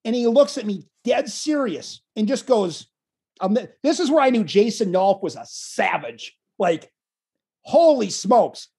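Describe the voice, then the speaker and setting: A man who works as a wrestling commentator, guest on an interview show, telling stories in an animated way and acting out what people said. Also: sits high, unhurried, breathy edge. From Wisconsin. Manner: animated storyteller, acts out quotes. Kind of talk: casual storytelling interview.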